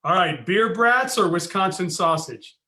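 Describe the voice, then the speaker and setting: A man hosting a casual podcast interview, friendly and quick to laugh as he asks his questions. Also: sits high, lively intonation, pushed and bright. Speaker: podcast host.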